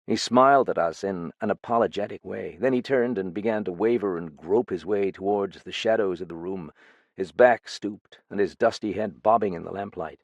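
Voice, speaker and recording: A man narrating an audiobook and voicing a detective in an expressive, lively reading. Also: low voice, normal speed, dry recording, studio quality. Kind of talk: scripted narration.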